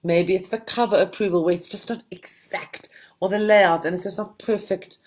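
A woman's voice: mid-range voice, moderate pace. A woman, a book mentor talking casually and encouragingly to a group of writers. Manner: reflective, encouraging, steady. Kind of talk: casual conversation to a writing group.

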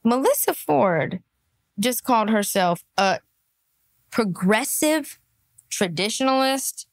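A woman's voice: fairly high pitch, animated, slow. A woman giving sassy, mocking comedy commentary, laughing often at her own jokes.

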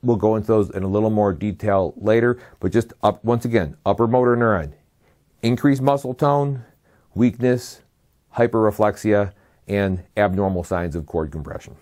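Man, medical lecturer, slide lecture, methodical term-by-term delivery, dry asides, fairly low pitch. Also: moderate pace, darkish tone. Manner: methodical, listing terms one by one with brief dry asides.

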